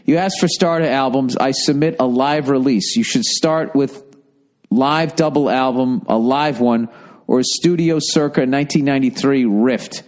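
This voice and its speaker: A man's voice: mid-range voice, a little slow, darkish tone. A man in his forties hosting a solo podcast, talking in a rambling, sarcastic and profane way. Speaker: podcast host. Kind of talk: casual solo podcast monologue.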